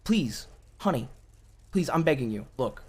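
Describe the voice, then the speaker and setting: A man's voice: on the high side, very animated, brisk. A man playing an exasperated young man begging his partner. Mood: pleading. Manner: pleading, repeats himself, stumbles over restarts. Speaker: roleplay character. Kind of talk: improvised game roleplay.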